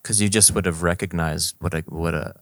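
In a casual faith conversation, a man with a low, deep voice speaks slowly and thoughtfully with fairly even intonation. Reflective and unhurried, he pauses and restarts as he searches for words. The sound is close and dry, with no room echo.

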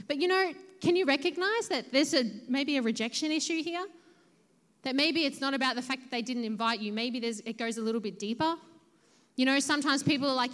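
A woman's voice: high voice, brisk, fairly bright tone. A young woman giving a chatty sermon, telling a personal story with many fillers. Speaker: preacher. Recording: long hall reverb.

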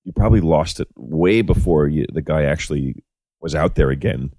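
A man's voice: very deep voice, moderate pace, dark tone, no room sound, clean studio sound. A man who is a guest on a podcast, chatting casually and chiming in with profane jokes. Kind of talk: casual chat.

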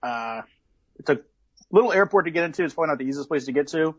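A man's voice: fairly high pitch, expressive, quick pace, husky, dry recording, muffled recording. A man from Illinois, a podcast guest in casual chat, talking in a hesitant, laid-back way with many ums and uhs.

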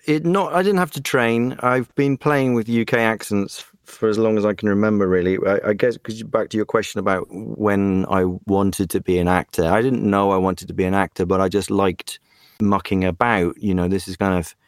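A voice actor from England's West Country, talking in a playful, animated way as a podcast guest. His voice is on the lower side and the sound is dry and close. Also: fairly quick, clean tone, dry recording. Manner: animated, playful, slips into accents. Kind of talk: casual interview chat.

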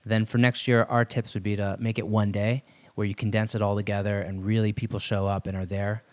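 A man from Brooklyn co-hosting a podcast, chatting casually in a halting, easygoing way with repeated words. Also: fairly low pitch, little pitch movement. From Brooklyn, New York. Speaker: podcast co-host.

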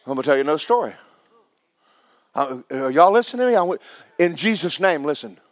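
A man preaching a sermon, loud and emphatic at times and sinking to a hushed near-whisper at others. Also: fairly high pitch, animated, fast talker, dry recording, clean studio sound.

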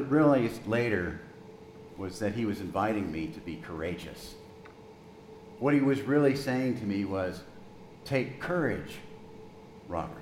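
A man in his sixties, a pastor preaching a sermon, telling a story gently and slowing down for emphasis. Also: on the low side, reverberant, noisy background.

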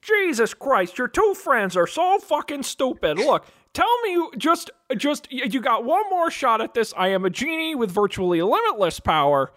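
A man voicing an impatient, exasperated male genie who scolds the players, with a lively, swooping voice. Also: very high voice, normal speed, few pauses, heavily acted.

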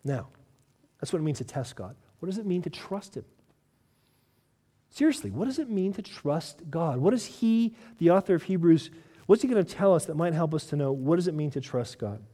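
A man preaching a sermon with a mellow, warm tone that sits a little high for a man. He talks earnestly, pushing through pointed questions before sinking low for emphasis. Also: very animated, normal speed. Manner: earnest, rising to urgent questions then dropping low. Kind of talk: expository sermon.

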